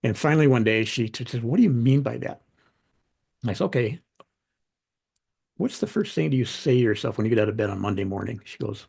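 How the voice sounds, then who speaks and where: A middle-aged man, a podcast guest and author, talking in a relaxed, conversational way and acting out the voices in his anecdotes. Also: mid-range voice, quick pace, creaky, pauses often, husky. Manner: animated anecdotes, acts out quoted dialogue. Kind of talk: conversational storytelling.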